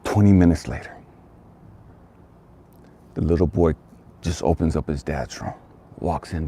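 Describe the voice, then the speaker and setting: A man's voice: a bass voice, unhurried, creaky, long pauses, dark tone, husky. A man telling a motivational story, emphatic and fond of repeating phrases for effect. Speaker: motivational speaker.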